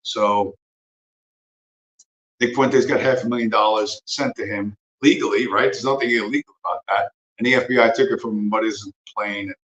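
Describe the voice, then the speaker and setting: A man's voice: on the low side, fairly even intonation, moderate pace, fairly bright tone, roomy sound, dull audio. A man hosting a livestream, talking in a profane, rambling, sarcastic way. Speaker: livestream host. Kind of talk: casual rambling commentary.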